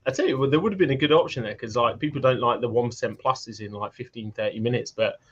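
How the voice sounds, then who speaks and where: Animated British man, lo-fi sound. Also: mid-range voice, quick pace, slightly rough. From Britain. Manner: animated, laughing, mock voices. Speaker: podcast co-host. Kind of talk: casual chat.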